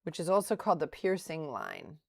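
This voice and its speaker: A middle-aged woman streaming live as a day trader, chatting with viewers and thinking aloud in a halting, self-correcting way. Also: low voice, sing-song, creaky, no echo. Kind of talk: live-stream chat, answering viewer comments.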